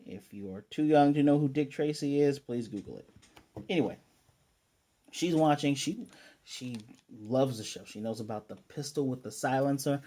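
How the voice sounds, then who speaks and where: A man's voice: medium pitch, normal speed, warm tone. A man casually recapping an anime episode as a reviewer, rambling with lots of fillers and restarts.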